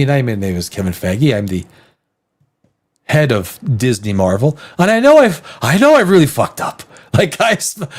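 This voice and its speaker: A man putting on a mock-contrite film studio boss who gives a rambling, profane apology speech. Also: high voice.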